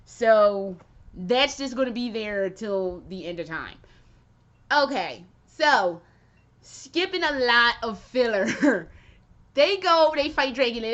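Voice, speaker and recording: A woman vlogger giving a rambling, excitable, profane spoken review of a show she loved. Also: mid-range voice, muffled recording. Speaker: video game vlogger.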